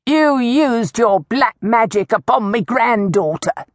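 A woman voicing a crude, indignant old village woman who shouts accusations in a coarse, shrill voice. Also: sing-song, a little slow, dry recording, clean studio sound. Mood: accusing.

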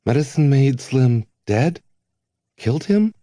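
A man voicing a naive young man who asks wide-eyed questions, his voice rising high as he struggles to understand. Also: expressive, measured pace, mellow, dry recording, studio quality. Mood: bewildered.

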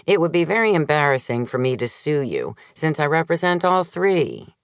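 Brisk worried lawyer guy, urgent and cautioning, read by a woman narrator, low voice, dry sound. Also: very animated, smooth, dry recording. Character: brisk male attorney, anxious, businesslike.

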